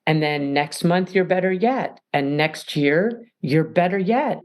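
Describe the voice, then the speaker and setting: A woman's voice: on the low side, unhurried, darkish tone. A middle-aged woman, a mediator and podcast guest, giving emphatic advice and acting out little scenes as she explains. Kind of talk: animated advice talk.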